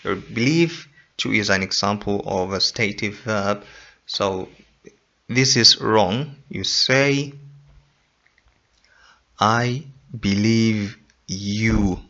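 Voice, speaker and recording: Slow, bright-voiced teacher. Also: male voice, fairly low pitch, vocal fry. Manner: repeats points and quizzes listener ("In what?"). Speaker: English teacher. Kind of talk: explaining grammar lesson. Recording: dull lo-fi recording.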